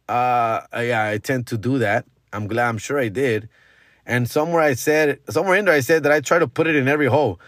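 A man's voice: medium pitch, brisk, no room sound, studio quality. A man, hosting a podcast in a casual storytelling monologue, slangy and profane, often chuckling. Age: 40s. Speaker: podcast host.

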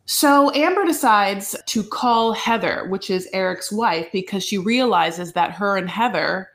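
A woman retells a TV episode in lively podcast chat, piling on asides and "like" as she goes. Her voice sits at an ordinary middle pitch for a woman. She sounds relaxed and conversational throughout. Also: unhurried. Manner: animated storyteller, lots of "like" and asides. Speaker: podcast co-host. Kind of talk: casual TV recap chat.

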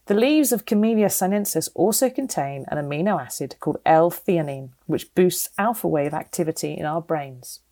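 A middle-aged woman with a British accent reads her own opinion column aloud. Her voice sits a little low, and her delivery is wry, sardonic and firmly opinionated. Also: a little mellow. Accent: British English. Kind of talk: scripted reading of an opinion column.

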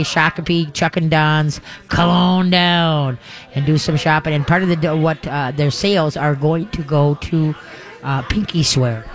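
A chatty radio host, a man with a voice a bit higher than most men's. He rambles in a folksy way and slips into playful voices for dogs and their owners. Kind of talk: live call-in radio chat. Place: live broadcast at a pet store.

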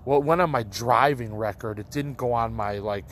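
A man's voice: mid-range voice, moderate pace, fairly bright tone, slight background noise. A young man telling a personal story in a casual, rambling way, full of likes and restarts. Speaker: storyteller addressing listeners.

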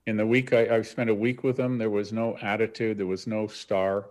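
Low-voiced Canadian man telling stories. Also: brisk. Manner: animated anecdotal storytelling, acts out quotes. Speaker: guest. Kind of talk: storytelling interview.

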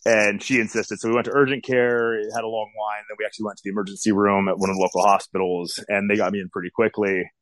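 A man's voice: fairly low pitch, little pitch movement, fast, hardly any pauses, a bit bright, no room sound. A man in his forties telling a personal story in a casual interview, candid and rambling, with many fillers. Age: 40s.

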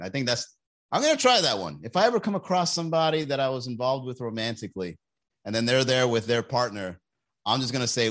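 A young man hosts a loose, chatty podcast stream. He rambles and jokes as he talks, and now and then he slips into quick voices for other people. His pitch sits in the middle range. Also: big pitch swings, a bit bright. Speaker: podcast host. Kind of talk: casual livestream podcast chat.

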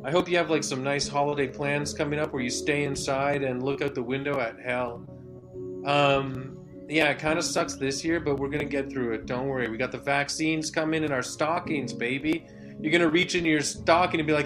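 A man hosting a comedy podcast, doing a mock meditation bit with rambling absurd asides, swinging from loud rants to hushed calm. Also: mid-range voice, normal speed. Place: live online event. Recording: music playing under the voice. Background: soft guitar music.

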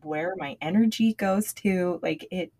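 A woman's voice: fairly low pitch, unhurried, warm tone, slightly rough. A woman co-hosting a podcast, talking in an earnest, reflective way and asking questions. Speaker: podcast co-host. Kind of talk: casual chat.

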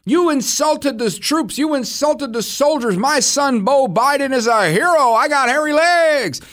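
A man's voice: very high-pitched, animated, a little slow, a bit bright, voice pushed up, exaggerated voice. A man doing an indignant, blustering impression of an older male politician.

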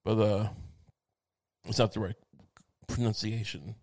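A man's voice: fairly low pitch, fairly even intonation, measured pace, vocal fry, darkish tone. A man hosting a podcast, delivering a crude, rambling comedic monologue with lots of profanity, stammered restarts and acted-out quoted voices. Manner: acts out quoted voices in bits.

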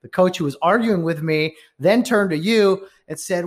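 Animated man asking umpire stories. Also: high voice, normal speed. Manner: animated, prompting questions, laughing often. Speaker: baseball umpire, podcast co-host. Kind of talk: casual interview chat.

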